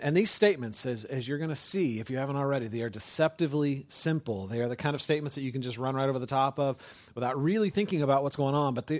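A man delivering a sermon, his voice sitting a little high for a man. He talks in a relaxed, joking way, tossing out asides and repeated "right?" checks to the congregation. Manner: conversational and humorous, with quick asides and repeated "right?"; hushed, slow prayer. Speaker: pastor.

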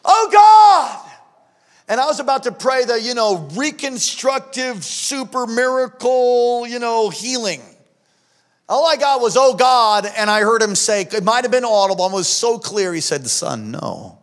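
A man's voice: very high-pitched, moderate pace. Preaching man in a reverberant hall. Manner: emphatic storytelling preacher, swings from hushed to shouting. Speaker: pastor. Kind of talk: sermon.

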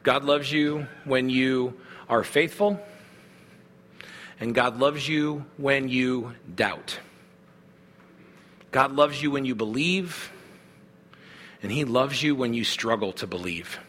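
Bright-voiced man preaching in a hall. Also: medium pitch, slow pace, long pauses. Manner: earnest, conversational preaching with restarts. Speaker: pastor. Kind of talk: sermon.

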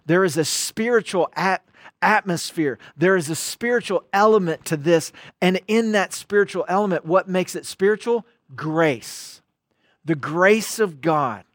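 A man preaching a streamed sermon, with a voice pitched high for a man. He leans hard on key words, repeats them and calls out to the viewers watching online. The recording is dry and close, with no room sound. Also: no room sound. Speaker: pastor.

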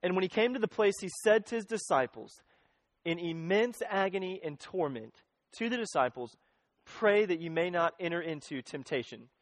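A man's voice: high-pitched, animated, moderate pace, no echo. A man preaching a sermon in an earnest, conversational way, often restarting his sentences. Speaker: pastor.

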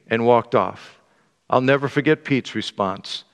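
A man preaching a sermon and reading an excerpt aloud, with a measured, deliberate delivery. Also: medium pitch, long reverb tail. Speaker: pastor.

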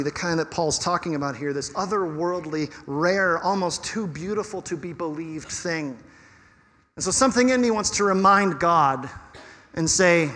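A pastor preaching a sermon in an animated, conversational way with touches of humor. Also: male voice, on the high side, normal speed, in a large hall.

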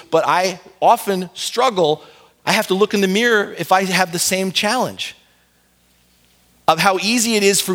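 High-voiced preaching man. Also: fairly bright tone. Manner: impassioned preaching, rising and falling intensity; direct address to congregation as "beloved". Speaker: pastor. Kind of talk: sermon.

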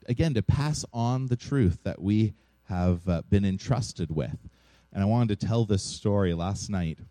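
A pastor in his thirties preaches in a relaxed, conversational way, often checking in with his listeners with a quick "right?". His voice sits low and mellow but swings widely in pitch. The sound is dry and close. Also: no room sound. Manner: informal, self-deprecating, frequent "right?" asides. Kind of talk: conversational sermon with personal stories.

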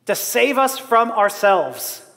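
A man's voice: extremely high pitch, big pitch swings, slow pace, pushed and bright. A man preaching a sermon in a humorous, self-deprecating way, laughing often. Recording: long hall reverb.

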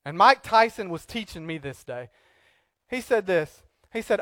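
A pastor preaching a sermon from a church pulpit in a joking, conversational way, swinging from quiet asides to loud, emphatic outbursts. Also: male voice, on the high side, normal speed, dry recording, studio quality.

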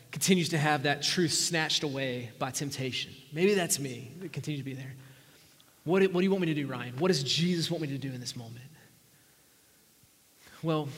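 A pastor preaching a sermon in an earnest, conversational way, sometimes dropping to a near whisper. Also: male voice, fairly high pitch, fairly bright tone. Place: church sanctuary. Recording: long church-hall reverb.

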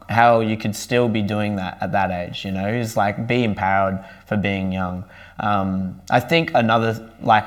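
A young man with a somewhat low voice tells his faith story in an earnest, easygoing way. He speaks casually and warmly about his own experiences, like a member sharing his testimony with his church. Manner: earnest and conversational.

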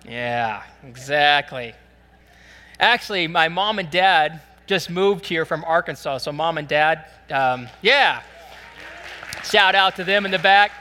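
A man preaching a sermon in a relaxed, conversational storytelling way, with many fillers. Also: on the high side, slow, in a large hall. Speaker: pastor.

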